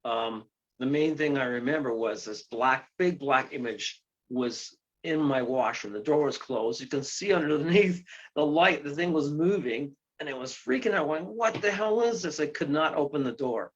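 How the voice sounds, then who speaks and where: A man of ordinary pitch tells a long story as an interview guest. He rambles, restarts his sentences and breaks into excited exclamations. The recording sounds dull and lo-fi. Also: moderate pace. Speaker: guest, ghost tour guide and paranormal investigator.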